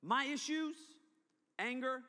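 A man preaching a testimony sermon, telling his story with animated delivery. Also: very high-pitched, slow pace. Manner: animated storytelling, acting out past self. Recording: long hall reverb.

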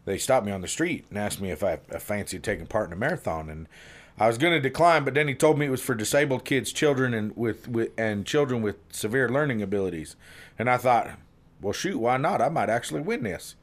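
A man's voice: lowish voice, fast talker. A man hosting a podcast in casual, joking, rambling chat. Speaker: podcast host.

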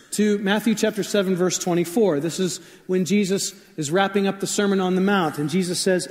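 A man's voice: high-pitched, darkish tone, long reverb tail. A man preaching a sermon as pastor, telling stories in a conversational way with frequent shifts of pace.

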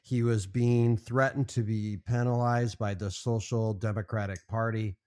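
Halting man running through headlines. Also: on the low side, fairly even intonation, darkish tone, clear, resonant tone, no echo. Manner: halting, repeats words, many fillers like "um" and "like". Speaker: podcast co-host reading headlines. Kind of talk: casual news chat.

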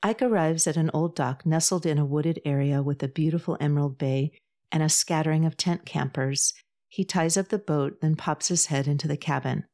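A woman narrating a novel in a measured, even storytelling voice. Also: deep voice. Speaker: audiobook narrator. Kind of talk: scripted narration.

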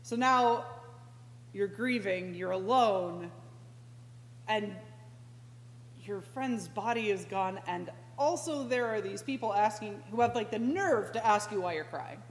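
A pastoral intern with a mid-range voice delivers a conversational sermon in a church sanctuary, slow and reflective but breaking into sudden animated outbursts. The recording echoes through the church hall with a faint hum.

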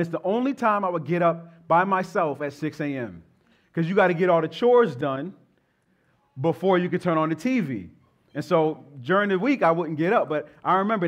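A man in his thirties, a pastor leading prayer and then telling stories to his congregation in an animated, conversational way. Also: fairly high pitch. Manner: animated, conversational preaching with playful asides to the congregation. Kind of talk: sermon with prayer and storytelling.

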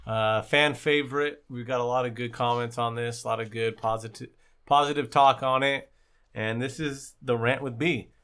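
A man's voice: mid-range voice, fairly even intonation, normal speed, a bit bright, smooth. A man hosting a casual sports podcast, talking betting picks in a loose, filler-heavy way and reading the show's sign-off. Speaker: podcast host.

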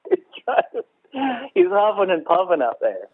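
A man's voice: sits high, wildly swooping pitch, slow, husky, no echo. A man co-hosting a podcast from his rural house, chatting about a movie in a rambling, swearing way and mocking scenes in put-on voices. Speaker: podcast co-host. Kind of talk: casual movie review chat. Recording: tinny phone-like line, dry.

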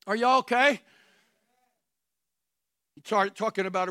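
A man delivers an impassioned sermon in a very high, bright, ringing voice. He fires off rhetorical questions and breaks into shouts. His voice sounds close and dry, with almost no room sound. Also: moderate pace, dry recording. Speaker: pastor. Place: church sanctuary before a congregation.

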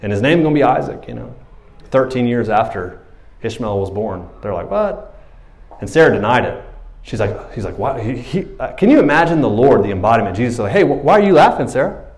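A male pastor delivering a sermon in a casual, conversational way. His voice sits at an ordinary middle pitch, and he jumps into quick put-on voices to act out the characters in his story. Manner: animated, acts out Bible characters in quick voices.

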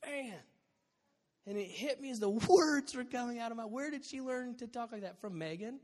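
A man in his thirties preaching a sermon as a pastor, animated and joking, with sudden loud bursts. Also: extremely high pitch, brisk. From Southern California. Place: church sanctuary. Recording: long hall reverb.

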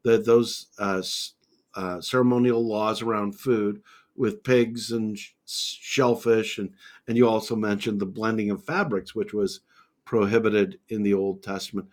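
A man's voice: fairly low pitch, fairly even intonation, measured pace. A man teaching on a Bible podcast, methodical and conversational, laying out points one by one with scripture references.

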